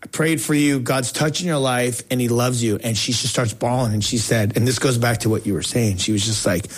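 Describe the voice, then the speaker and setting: A man hosting a faith talk show, telling a story in a casual, excited way with slang and frequent restarts. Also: medium pitch, a little fast. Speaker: talk show host and evangelist.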